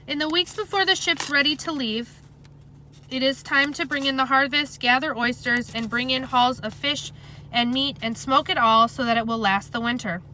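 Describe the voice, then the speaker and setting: A woman reads a chapter of a novel aloud with a bright, sharp tone and a slightly high voice. Her delivery is plain, steady and conversational, with a faint hum of noise behind her. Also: moderate pace, poor audio. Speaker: reader.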